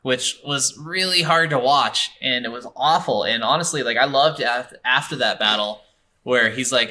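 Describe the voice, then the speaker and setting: A man co-hosts a relaxed movie review chat in a bright, forceful voice. He retells scenes with lively energy and breaks into quick laughs. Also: mid-range voice. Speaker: movie review podcast co-host.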